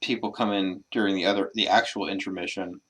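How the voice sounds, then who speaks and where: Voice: low voice, fairly even intonation, fast, a bit bright, breathy edge. A podcast co-host in casual chat, chiming in with short asides and jokes.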